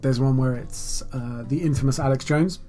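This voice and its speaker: Dry, teasing podcast co-host. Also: male voice, medium pitch, moderate pace, warm tone, soft background music. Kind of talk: casual chat.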